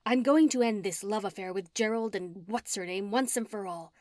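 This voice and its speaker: In a dry, studio-quality recording, a woman narrates an audiobook in a natural, medium-pitched voice that's a little mellow, at normal speed. She voices a scheming, gloating witch villain whose commanding lines come out sneering and sometimes hissed.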